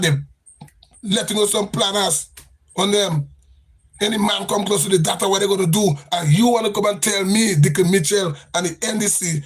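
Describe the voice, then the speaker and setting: A man's voice: high voice, slightly rough. A man with a Grenadian accent giving an impassioned, repetitive political rant on a livestream. He talks with a sing-song cadence. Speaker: livestream host.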